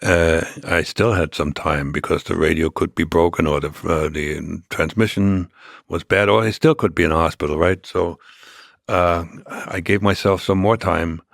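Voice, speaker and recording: An older man, a podcast guest, telling a long story in a halting way with many restarts. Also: low-pitched, steady tone, gravelly, dry recording, clean studio sound. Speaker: interview guest.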